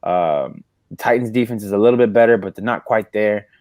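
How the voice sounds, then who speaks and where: A man with a low voice gives heated fan takes on football, stopping often for "uh" and "like." He sounds exasperated and earnest. His voice is dry and close to the mic. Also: fairly quick, darkish tone, no room sound. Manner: earnest, exasperated fan opinions with many fillers. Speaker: podcast co-host. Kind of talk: casual sports talk.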